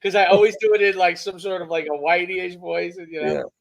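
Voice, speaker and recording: A man with a fairly high-pitched speaking voice chats casually about sports. He rambles and loops back as he talks. He restarts sentences often and keeps the chat animated. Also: brisk, creaky, poor audio. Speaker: podcast co-host.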